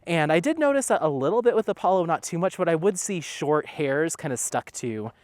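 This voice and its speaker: A man's voice: a little high, lively intonation, a little fast, dry recording. A man vlogging at an outdoor dog park, chatting casually in a rambling way. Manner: rambling, chatty, stops often to call his dog. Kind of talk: casual chat.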